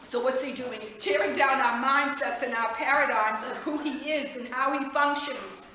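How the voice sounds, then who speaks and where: A woman preaching a passionate sermon, rising at times to shouts and breaking into laughs. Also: sits high, steady tone, moderate pace, very echoey, poor audio.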